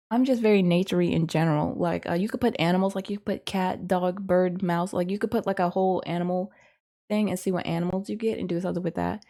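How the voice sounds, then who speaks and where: A woman's voice: on the low side, dark tone. A woman teaching a casual lesson, thinking aloud in a rambling, hesitant way with frequent ums and self-corrections. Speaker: course instructor.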